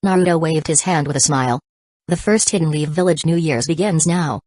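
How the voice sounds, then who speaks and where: A woman narrating an audiobook in an even, steady reading. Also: low voice, a little fast, dry recording.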